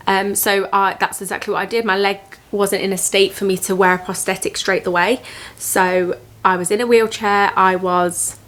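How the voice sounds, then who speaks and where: A young woman in her 20s records a personal storytime vlog directly to camera, her medium-pitched voice a bit bright. She pauses and starts over as she reflects earnestly on emotional memories, and eventually turns motivational and heartfelt.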